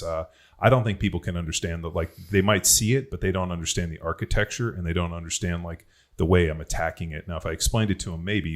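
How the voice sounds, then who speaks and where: A man on a podcast telling rambling, profane stories about football and strength. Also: sits low. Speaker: podcast host, former NFL player. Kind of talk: casual podcast chat.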